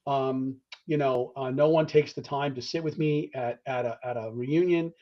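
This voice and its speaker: A man speaks as a podcast guest in an earnest, conversational tone, his voice sitting at a middling pitch. He restarts phrases often and keeps checking in with "all right?" The recording sounds slightly dull and lo-fi. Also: fairly even intonation, normal speed. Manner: many restarts, tags points with "all right?"; earnest, acts out phone calls in quotes. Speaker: guest discussing fraternity membership. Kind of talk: conversational interview answers.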